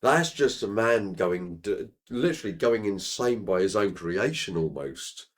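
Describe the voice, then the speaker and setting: A man's voice: lowish voice, animated, a little slow. A man co-hosting a casual chat, rambling and piling on filler phrases. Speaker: co-host.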